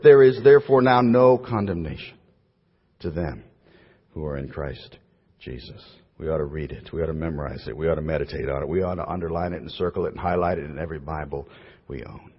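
A man preaching a sermon in a low, husky voice, pressing hard on key words before his phrases fade away to almost nothing. The sound is dull and muffled, with a long reverb from a large church hall. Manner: emphatic preaching with repeated phrases trailing off softly. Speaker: pastor.

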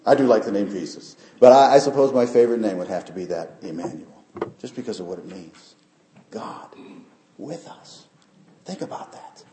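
A man's voice: mid-range voice, mellow. A man preaching a sermon as pastor, talking earnestly and building up to emphatic peaks. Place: church sanctuary. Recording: echoey church sanctuary.

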